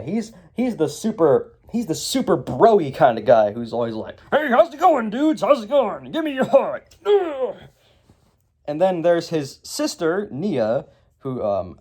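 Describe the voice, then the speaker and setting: A man's voice: lowish voice, warm tone. A young man casually reviewing a movie, rambling with lots of ums and sarcastic asides.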